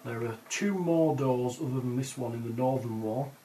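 A man's voice: mid-range voice, normal speed, mellow, distant mic, a little hiss or hum, rough recording. A man narrating a tabletop game as game master, describing scenes with hesitant fillers.

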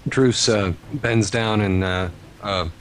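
A man playing a tabletop game, talking in a halting way with fillers. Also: fairly low pitch, a bit bright, slight background noise. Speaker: player. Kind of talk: casual tabletop game play.

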